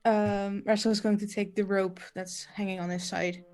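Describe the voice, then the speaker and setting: A woman playing a tabletop game, calmly describing her character's actions. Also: medium pitch, moderate pace, soft background music. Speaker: player.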